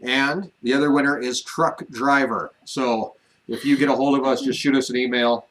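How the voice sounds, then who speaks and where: A man's voice: medium pitch, fairly even intonation, moderate pace, a bit bright, poor audio. A man co-hosting a casual ranch livestream, talking in an easygoing way with lots of fillers and restarts and some teasing. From Wyoming. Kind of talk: casual live-stream chat.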